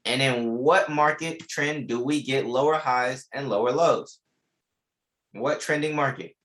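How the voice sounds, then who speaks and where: A man's voice: medium pitch, measured pace, fairly bright tone. A young man teaching a live online trading class, repeating key lines with emphasis and casual slang. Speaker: trading instructor.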